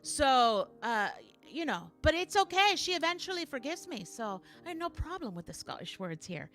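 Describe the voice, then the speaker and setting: A middle-aged woman, a singer and show host, telling a story slowly and thoughtfully at home between songs on a livestream, with frequent restarts. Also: high voice, big pitch swings, fairly bright tone, faint music behind. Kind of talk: casual spoken intro between songs on a livestream.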